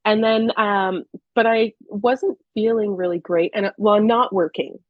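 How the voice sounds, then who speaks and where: A woman's voice: mid-range voice, fairly even intonation, a little slow, no echo, phone-quality sound. A woman in her thirties, speaking as a podcast guest and telling personal stories in a candid, chatty way with hesitant restarts. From Canada. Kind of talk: casual personal storytelling.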